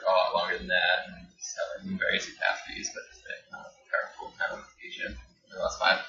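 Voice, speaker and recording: A man appearing as a podcast guest, relaxed and chuckling, with many filler words. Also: low-pitched, a little fast. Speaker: podcast guest, design business owner. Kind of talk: casual podcast chat. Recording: distant, roomy, dull, noisy podcast mic.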